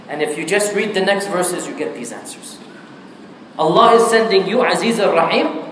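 A man's voice: sits high, fairly bright tone, a little hiss or hum. A man lecturing in a very echoey hall. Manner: emphatic, checks understanding with rhetorical questions. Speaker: Islamic scholar teaching Quran commentary. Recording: very echoey hall with long reverb and faint ambience.

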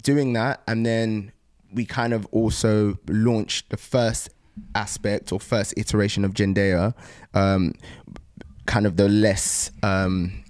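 A young man with a very low, deep voice talks through his path as a founder in a relaxed interview. He is thoughtful, often pausing on "um" and restarting his phrases. The recording is dry and close, with no room sound. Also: no room sound. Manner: thoughtful, frequent um pauses and restarts. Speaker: startup founder. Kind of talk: casual interview conversation.

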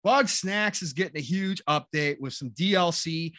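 A man in his forties chats casually about games with a co-host. His voice sits a little high for a man, and the sound is dry and close. He rambles, fills gaps with "uh" and "um", and turns sarcastic often. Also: normal speed, pushed and bright, no room sound. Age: 40s. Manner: sarcastic, rambling with many fillers. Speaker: podcast co-host. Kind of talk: casual gaming chat.

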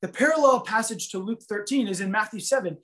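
A man giving a sermon, telling a story in an animated, conversational way full of fillers. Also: high voice, a little fast. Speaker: preacher.

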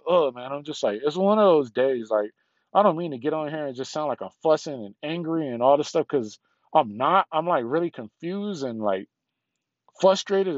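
A man's voice: a little high, a little mellow, no room sound, muffled recording. A middle-aged man venting on a solo podcast from a parked car, rambling and frustrated, swearing a lot and sounding congested.

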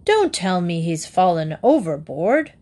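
Gruff old seafaring admiral, barking orders; a woman reader doing the voice. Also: sing-song, measured pace, dark tone. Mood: alarmed. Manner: booming seafaring bark, dropped g's. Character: gruff old male sea admiral, blustering.

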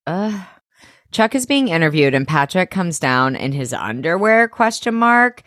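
A woman co-hosting a podcast, recapping a TV episode in casual chat with lively reactions. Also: on the low side, measured pace, no room sound, clean studio sound. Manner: lively, reacting with groans and laughs. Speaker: podcast co-host.

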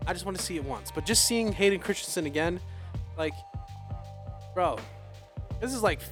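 A young man co-hosting a casual podcast, excitedly retelling a show scene with sound effects and swearing. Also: high voice, moderate pace, over music. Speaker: podcast co-host. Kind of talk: casual chat.

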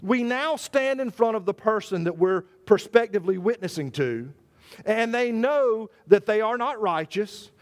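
High-voiced preacher, emphatic. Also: male voice, lively intonation. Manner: emphatic, repeats words, slows to stress scripture. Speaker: pastor. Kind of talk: sermon. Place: church service.

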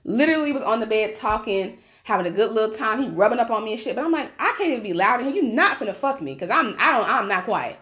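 Brief: quick, swooping woman host, animated and profane, voice that carries. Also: fairly high pitch. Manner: animated, profane, acts out every voice in her stories; says her voice naturally carries. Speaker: podcast host. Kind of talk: casual storytelling chat.

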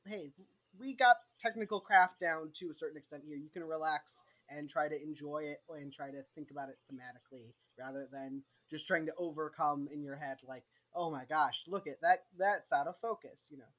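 A man's voice: a little high, normal speed, a bit bright. A male podcast co-host talking movies in a wry, analytical way, laughing easily. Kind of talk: casual movie-review chat.

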